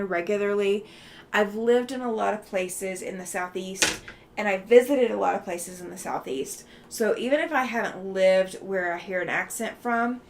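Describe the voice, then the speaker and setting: A woman's voice: medium pitch, a little hiss or hum. Chatty woman hosting a livestream. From Alabama, US. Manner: chatty and friendly, many ums and easy laughs. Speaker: livestream host. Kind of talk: chatty livestream, reading chat aloud.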